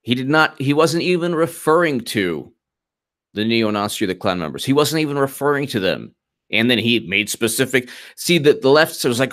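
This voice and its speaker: A man hosting a live political commentary stream, talking fast and animated, repeating himself and mocking opponents. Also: mid-range voice. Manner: animated, repetitive, mocking quoted voices.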